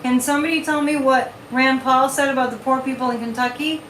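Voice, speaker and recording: Brief: high, bright-voiced woman hosting a live chat stream, animated and repetitive. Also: fairly quick, slight background noise. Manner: animated, repeats words, reads viewer comments. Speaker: psychic livestream host. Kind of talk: casual livestream chat. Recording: echoey room, mic at a distance.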